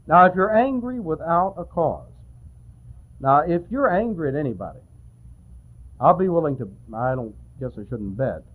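Lively preaching man, tinny old tape. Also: on the high side. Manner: animated, conversational, acts out quotes. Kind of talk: sermon. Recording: tinny phone-like old recording.

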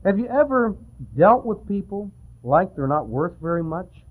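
A man delivers a sermon in a chatty, animated way, his pitch swinging up and down as he acts out little quoted voices. His voice is on the high side for a man. The recording is thin and tinny, like an old tape heard over a phone line. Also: normal speed, husky. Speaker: preacher.

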